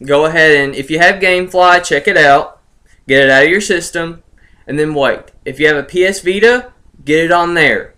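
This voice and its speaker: A man's voice: a little high, normal speed, bright, forceful tone. A young man ranting sarcastically about a video game, gloating and laughing in disbelief as he talks to his viewers. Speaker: gaming vlogger.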